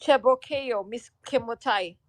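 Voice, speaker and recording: Slow, dry-voiced woman moderator. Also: fairly high pitch, dry recording. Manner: unhurried, organizing. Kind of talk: moderating speakers.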